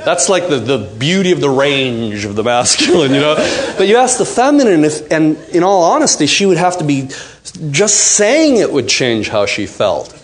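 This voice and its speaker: Animated man addressing an audience. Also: fairly high pitch, moderate pace. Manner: animated and playful, acting out quoted voices. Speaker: seminar speaker. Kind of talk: talk to a live audience.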